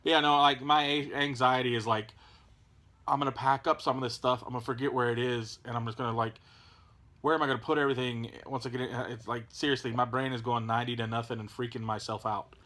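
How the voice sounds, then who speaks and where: A man with a Southern American twang talks in a bright, forward tone, hosting a relaxed home video chat. He rambles and trips over his words, restarting sentences as he goes. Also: medium pitch, fast. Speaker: co-host. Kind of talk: casual chat.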